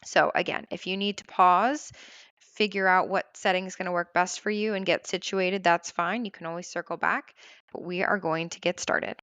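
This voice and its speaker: A woman hosting a podcast who guides listeners through a meditation in a calm, gentle, reassuring way, counting breaths slowly. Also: lowish voice, clean tone, no room sound. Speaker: podcast host guiding a meditation.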